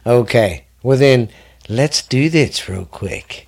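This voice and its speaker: A middle-aged man chats casually on his podcast. He retells a story loosely and cuts in with jokes and asides, at a middling pitch for a man. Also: expressive, slow pace, vocal fry, darkish tone, husky. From Texas. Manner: joking, interrupts with playful asides. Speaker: podcast host.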